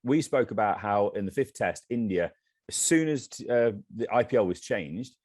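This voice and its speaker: A man's voice: lowish voice, animated, moderate pace, a little mellow, dry recording, clean studio sound. A man co-hosting a cricket podcast, giving blunt, opinionated takes in casual chat. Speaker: podcast co-host.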